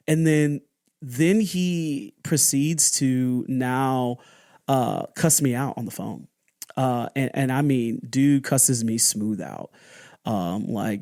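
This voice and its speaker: A man's voice: medium pitch, mellow, no room sound, clean studio sound. Candid man telling a personal story. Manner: candid and halting, with restarts and acted-out quotes. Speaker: podcast host.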